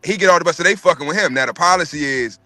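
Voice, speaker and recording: Man around 40, bright high voice, rapid profane storytelling. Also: no echo, soft background music. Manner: profane, animated, acts out every voice. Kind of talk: casual storytelling.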